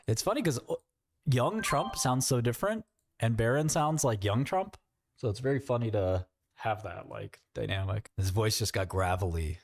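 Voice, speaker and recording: A man hosting a casual trading livestream rambles and jokes, thinking aloud to his viewers. His voice swings widely up and down at a middling pitch. It is close-miked in a dry room. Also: animated, moderate pace, no room sound. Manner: rambling, jokey, talks to himself and chat. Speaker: livestream host.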